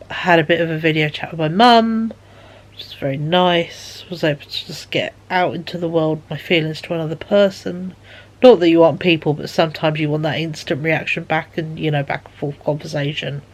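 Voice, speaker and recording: A woman chatting casually in a vlog, rambling with many fillers and sounding tired and yawning. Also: low voice. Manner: rambling, lots of fillers and repeated "he said". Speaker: vlogger.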